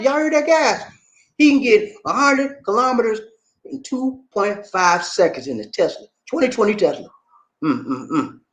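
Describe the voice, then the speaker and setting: Lively, animated man hosting a live chat. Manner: laid-back, calls viewers "man" and "buddy", laughs often; pitch swings widely between low asides and high exclamations. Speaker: livestream host reading viewer chat.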